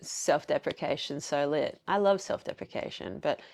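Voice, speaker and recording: Low, gravelly woman sharing candidly. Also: normal speed, a little mellow. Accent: Australian. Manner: candid, confessional, fillers and quoted self-talk. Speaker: podcast host. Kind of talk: reflective solo podcast monologue.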